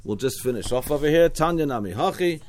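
A man's voice: a little high, animated, fast, a little mellow, a little hiss or hum. Man, australian accent, talmud teacher, explains in a roundabout way with restarts. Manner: explanatory, with frequent restarts and asides. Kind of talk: Talmud study class.

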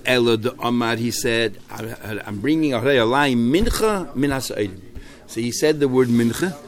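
A man's voice: mid-range voice, animated, moderate pace. A man teaching a Talmud text, thinking aloud and repeating phrases as he explains.

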